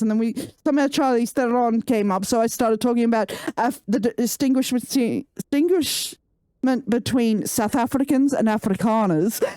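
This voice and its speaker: Profane, lively woman streamer, dry close sound. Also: high-pitched, no room sound. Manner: profane, ranting, laughing. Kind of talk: live game stream chat.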